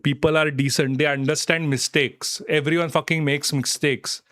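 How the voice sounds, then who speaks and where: A man's voice: fairly high pitch, steady tone, moderate pace, few pauses, a bit bright, dry recording, clean studio sound. A man hosting a casual live stream, talking in a rambling, reassuring way and swearing now and then. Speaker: livestream host.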